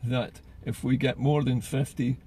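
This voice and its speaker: A man's voice: mid-range voice, flat delivery, measured pace, mellow, a little hiss or hum. A man giving solo political commentary in an earnest way, often repeating words as he gathers his thoughts.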